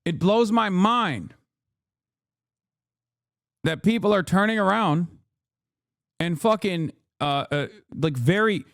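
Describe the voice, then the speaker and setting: A man's voice: high voice, slow, gravelly, long pauses, no echo, studio quality. A man in his thirties with an American accent, ranting heatedly as a political streamer, profane and repetitive. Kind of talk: ranting commentary.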